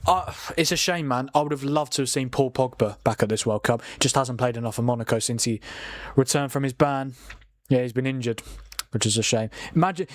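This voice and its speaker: A young man chatting casually on a live football watchalong stream, reacting to the chat, excitable and swearing mildly. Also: mid-range voice, no echo. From England. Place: home room with windows, rain outside.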